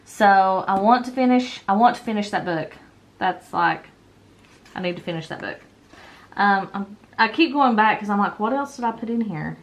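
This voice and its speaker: A woman's voice: mid-range voice, slight background noise. Chatty mom rambling over her planner. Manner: chatty, rambling, lots of ums and self-corrections. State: yawning, a bit tired. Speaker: planner vlogger. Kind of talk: casual chat while decorating a planner.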